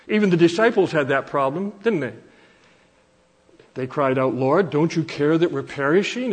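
A man preaching a sermon from Canada, earnest and repeating phrases for emphasis, slowing down to quote scripture. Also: a little high.

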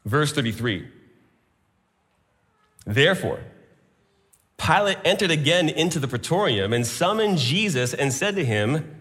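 A man's voice: on the high side, big pitch swings, a little slow, pauses often, a bit bright. A man preaching a sermon, citing scripture references as he goes. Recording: long hall reverb.

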